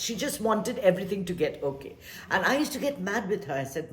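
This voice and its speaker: A woman giving life advice in a casual, reflective talk, animated and emphatic, repeating her points and dropping to a soft whisper for emphasis. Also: medium pitch, brisk, hardly any pauses. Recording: echoey room.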